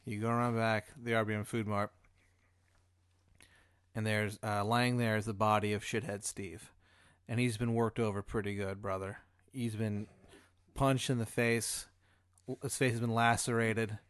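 A male podcast host telling an improvised comedic story in a rambling, deadpan way. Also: fairly low pitch, normal speed, long pauses, clear, resonant tone, no echo. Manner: rambling, deadpan, with filler words.

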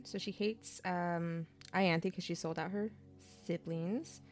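A woman's voice: lowish voice, steady tone, slow pace, faint music behind. Laughing young woman recapping a book. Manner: bubbly, laughs often, retells plot with slang. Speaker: podcast co-host. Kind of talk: casual chat recapping a book.

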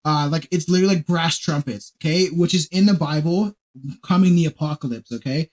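A man hosting a podcast in casual chat, rambling and excitable and swearing a lot. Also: a little high, a little fast, poor audio. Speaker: podcast host.

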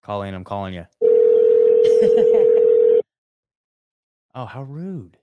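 A man's voice: lowish voice, very animated, extremely slow, phone-quality sound, heavy background noise. A man from the US West Coast hosting a podcast call-in show, chatting casually and calling people man and dude.

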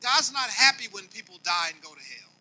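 A man preaching to his congregation as their longtime bishop, swinging between quiet and loud and speaking to them directly. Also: high-pitched, very animated, brisk, poor audio. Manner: folksy, talks directly to the congregation. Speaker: pastor. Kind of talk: sermon.

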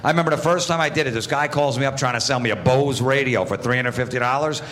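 A man who works as a stand-up comedian, telling a lively anecdote with laughs mixed in. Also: medium pitch, fast talker. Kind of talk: interview anecdote.

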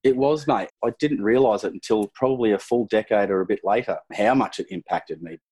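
A middle-aged Australian man with a fairly low voice recounts his past in a loose, conversational way. He rambles a little and keeps slipping in "you know" and "sort of". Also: brisk, darkish tone, slightly rough. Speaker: guest, former soldier. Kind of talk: casual interview storytelling.

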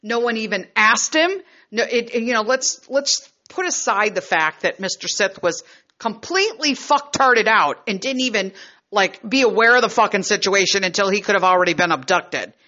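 A woman's voice: mid-range voice, lively intonation, normal speed, bright, forceful tone, lo-fi sound. A middle-aged woman and mother telling a personal story in a frank, heated and profane way. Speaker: vlogger and mother. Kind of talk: casual storytelling.

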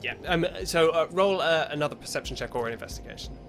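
Game master over background music. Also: male voice, fairly high pitch, a bit bright. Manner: measured descriptive narration with fillers. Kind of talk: narrating a tabletop game.

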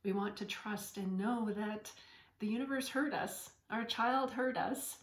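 A woman hosting a spiritual podcast, speaking gently in a storytelling way and sometimes dropping to a whisper. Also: mid-range voice, roomy sound. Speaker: podcast host and medium.

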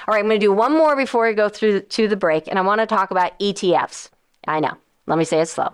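A woman financial advisor and radio host explaining investments in a casual, animated way, often acting out quoted voices of investors and funds. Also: medium pitch, fast, smooth. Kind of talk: casual explanatory talk to listeners.

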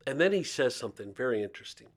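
A man's voice: mid-range voice, big pitch swings, racing. A man in his fifties from Ohio, a guest telling stories in a conversational interview and acting out the voices of the people he quotes. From Ohio, United States. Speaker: guest speaker on faith and poverty.

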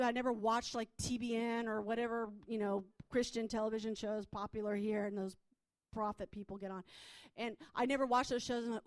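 A woman's voice: a little high, dry recording. A woman minister telling her testimony in a chatty way, full of fillers and restarts. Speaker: prophetic minister. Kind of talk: personal testimony.

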